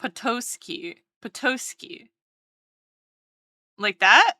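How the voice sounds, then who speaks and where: A woman's voice: medium pitch, takes it slowly, pushed and bright, no echo, clean studio sound. A woman streamer chatting casually with her live chat while drawing, playful and teasing, often repeating words.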